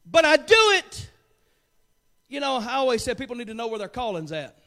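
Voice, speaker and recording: A pastor preaching a sermon in a church. He drops to quiet, joking asides and then builds to shouted, fervent peaks. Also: extremely high pitch, big pitch swings, a little fast, gravelly.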